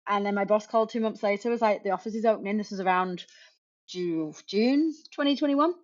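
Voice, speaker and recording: A woman's voice: mid-range voice, a little fast. Woman in her thirties, muffled call audio. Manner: lively storyteller, laughs often. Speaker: podcast guest, remote work coach. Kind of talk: casual interview storytelling.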